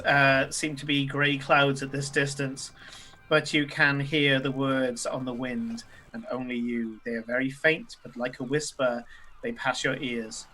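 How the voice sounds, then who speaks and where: A man narrating as game master of an online tabletop game, halting now and then with fillers and restarts. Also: mid-range voice, pushed and bright, slight background noise.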